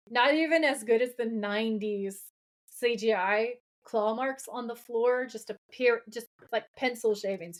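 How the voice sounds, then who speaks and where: A woman podcast co-host recapping a TV episode in casual chat, acting out the characters' lines and swearing freely. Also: fairly high pitch. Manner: animated, acts out quoted dialogue, swears casually.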